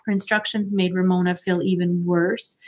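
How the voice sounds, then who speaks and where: A woman reading a children's novel aloud, with gentle, expressive storytelling. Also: fairly low pitch, normal speed. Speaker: audiobook narrator.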